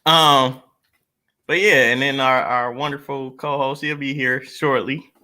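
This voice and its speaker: A man with a bright, forward voice hosting a relaxed live stream. He trips over his words and repeats himself as he chats. He talks into a desk mic. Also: mid-range voice, a little slow. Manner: stumbling, repeats words, laid-back. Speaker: podcast host. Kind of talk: casual podcast chat. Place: home studio, live stream. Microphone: webcam or desk mic on a video stream.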